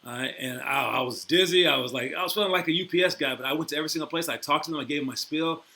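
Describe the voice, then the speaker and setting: Rambling, bright-voiced male host. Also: a little high, rapid-fire, gravelly. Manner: rambling, repeats "all right?" often; laughs easily, teasing. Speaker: basketball program host and coach. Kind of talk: casual motivational talk and interview.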